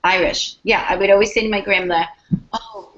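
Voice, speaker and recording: A woman author chatting casually in an interview, telling animated stories with plenty of profanity and acted-out quotes. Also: medium pitch, fast. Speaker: author guest. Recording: dull lo-fi podcast audio.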